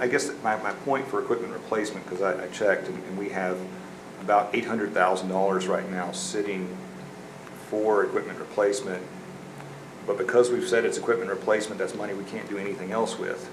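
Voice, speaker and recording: This council member has a lowish voice, fairly even intonation, and a slightly fast pace. He reasons out loud in the chamber's discussion, repeating words along the way, and the room sounds echoey with background noise.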